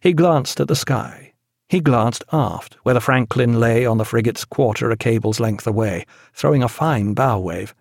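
A man narrating an audiobook in a measured, even storytelling manner, recorded on a close studio mic. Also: mid-range voice, gravelly, no echo. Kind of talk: scripted narration.

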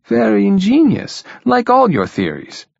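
A man reading the part of a weary, careful male diplomat in a measured, dry manner, in a dull lo-fi recording. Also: medium pitch, big pitch swings, vocal fry, breathy edge, dry recording, pitched above the performer's own voice, full character voice.

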